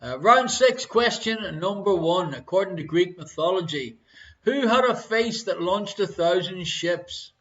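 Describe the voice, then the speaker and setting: A man's voice: high-pitched, lively intonation, unhurried, a bit bright. An Irish man hosting a live online quiz show from home, jokey and chatty, reading each question twice and bantering with his partner. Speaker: quiz host. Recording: dull lo-fi stream audio.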